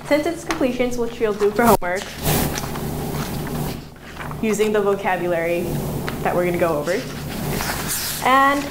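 A teenage girl giving a student presentation to her classmates, taking them through words and asking them to repeat after her. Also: mid-range voice. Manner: instructive, leads repeat-after-me drills. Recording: echoey classroom with noise.

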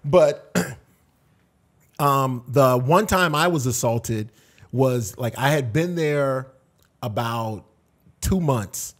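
A man's voice: mid-range voice, very slow, pauses often, a bit bright. A man with a mid-range voice tells his own story in an easy conversation. He hesitates and corrects himself as he goes. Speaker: co-host. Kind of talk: casual storytelling chat.

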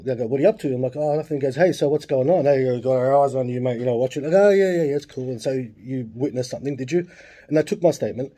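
A man's voice: mid-range voice, warm tone, slightly rough. A man in his late forties with an Australian accent, telling a long story casually, swearing freely and full of asides.

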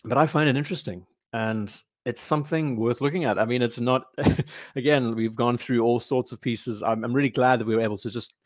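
A man's voice: medium pitch, a little fast, no room sound, studio quality. A man hosting a live watch show, chatting casually, thinking aloud and answering comments from the chat. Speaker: watch channel host.

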